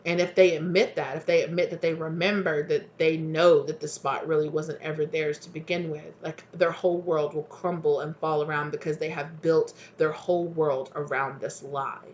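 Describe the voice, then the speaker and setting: A tarot reader giving a rambling, animated channeled reading, acting out little dialogues. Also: mid-range voice, normal speed, few pauses, dull audio, slight background noise.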